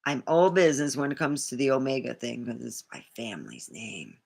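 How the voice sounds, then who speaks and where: A woman's voice: a bass voice, expressive, fairly quick, gravelly, a little mellow, husky. A woman vlogger talking in a rambling, indignant way, swearing freely as she tells a personal story. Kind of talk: casual monologue to camera.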